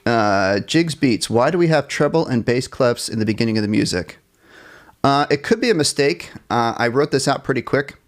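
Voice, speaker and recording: A man's voice: mid-range voice, lively intonation, moderate pace. A man teaching a live online jazz band class from his computer. He counts the band in, scats the melody lines and laughs off his own small mistakes, friendly and encouraging. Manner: self-deprecating about small mistakes. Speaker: music teacher.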